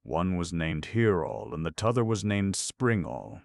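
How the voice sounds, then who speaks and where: Man reading as soft-hearted young jack, pleading, low gravelly voice. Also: very animated, unhurried, dry recording, exaggerated voice. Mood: sorrowful. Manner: distressed, pleading.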